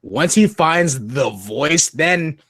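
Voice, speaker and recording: A man co-hosting a casual wrestling podcast, excitable and jokey, swearing and mimicking wrestlers as he talks. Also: fairly high pitch, slow, no echo. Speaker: podcast co-host.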